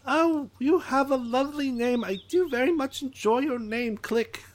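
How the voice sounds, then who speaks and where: A man voicing an excitable, chatty male alien creature who rambles and searches for words. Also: very high voice, moderate pace, pitched above the performer's own voice. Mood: excited rambling.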